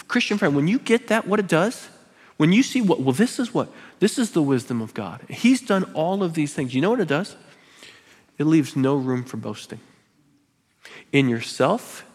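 A pastor preaching with a husky, fairly high voice that swings up and down with lively emphasis. He hammers his points home through repetition and throws in light jokes along the way. His voice rings out with a long reverb, as in a church sanctuary. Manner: emphatic preaching with repeated phrases and joking asides. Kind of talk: sermon.

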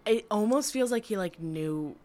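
A woman's voice: mid-range voice, lively intonation, normal speed, darkish tone. A young woman co-hosting a podcast, reacting in a loose, informal chat and laughing often. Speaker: podcast co-host listening. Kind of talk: casual chat.

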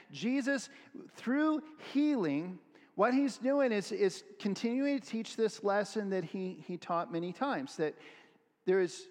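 A man preaching a sermon, reading scripture aloud and acting out the voices of people in it with animated energy. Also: high voice, in a large hall. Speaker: pastor.

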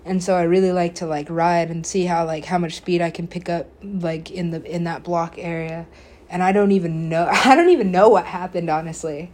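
A woman with a fairly low, steady, somewhat dark voice speaks at a normal pace. She hosts a podcast and rambles casually through a personal story, packed with filler words and swearing, laughing often as she goes.

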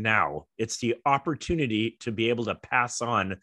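Middle-aged American man, interview guest, rambling storyteller, mid pitch, dry. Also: normal speed, pushed and bright, no room sound. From United States. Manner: rambling, many fillers, acts out quoted voices. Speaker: guest, former Olympic kayaker.

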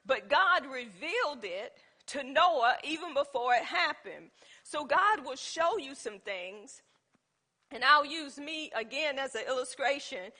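Using episodes from her own life as examples, a woman teaches the Bible informally and poses questions to her audience. She has a high voice that sounds pushed and bright.

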